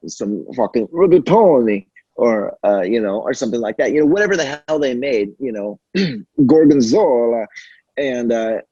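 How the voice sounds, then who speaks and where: A man's voice: mid-range voice, animated, normal speed, darkish tone, husky, no room sound, dull audio. A young man telling stories in a casual podcast chat, rambling and profane with many fillers. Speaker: podcast guest.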